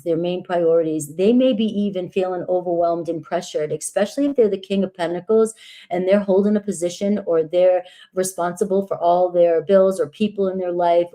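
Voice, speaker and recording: Husky-voiced woman giving a tarot reading. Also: fairly low pitch, mellow. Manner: chatty, reassuring, many "right?" tags. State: husky morning voice. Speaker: tarot reader.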